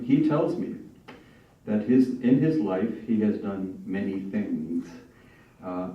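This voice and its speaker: A man hosting a literary reading night, chatting casually with many fillers and restarts, recorded from a distance in a large room. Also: on the low side. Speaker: event host. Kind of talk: casual introductions at a reading event. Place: library reading event. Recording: echoey hall, distant lo-fi mic.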